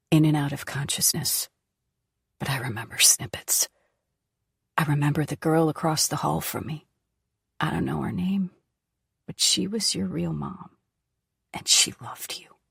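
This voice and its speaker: A woman reading the part of a frail, sick middle-aged woman who tells her story in a weak, halting, tearful way. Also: sits low, gravelly, slightly rough, no room sound, studio quality, heavily acted. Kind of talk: audiobook character voice.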